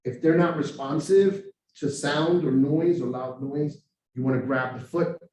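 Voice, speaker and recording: A man's voice: on the high side, unhurried, a little hiss or hum. A man giving a live overdose-prevention training, talking casually and animatedly. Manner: animated storytelling with acted street voices. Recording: very echoey room, far from mic.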